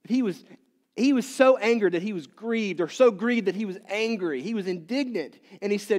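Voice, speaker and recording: Speaking at a moderate pace, a male pastor questions his congregation throughout his sermon, veering between emphatic loud bursts and hushed low remarks. The large hall gives it a long reverb.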